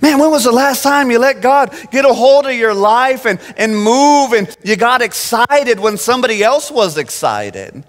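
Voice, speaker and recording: A man preaching an animated sermon from the pulpit, often restarting his phrases. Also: extremely high pitch, normal speed, hardly any pauses. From Phoenix. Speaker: pastor. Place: church sanctuary. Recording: long church-hall reverb.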